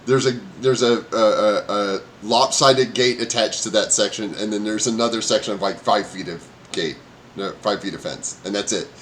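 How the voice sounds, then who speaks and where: A man's voice: on the low side, moderate pace, a bit bright, slight background noise. A man narrating a tabletop game as game master, hesitant with many fillers and frequent laughs.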